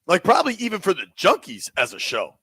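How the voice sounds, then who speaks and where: A man in his forties hosting sports talk radio, excited and rambling in casual banter. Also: high-pitched, fast, slightly rough, no room sound. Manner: excited, rambling, laughs easily.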